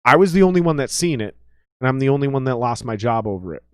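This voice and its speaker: A man from the Upper Midwest of the US, a musician guest telling a story in casual, profane, animated chat. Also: mid-range voice, quick pace, clear, resonant tone, no echo, clean studio sound.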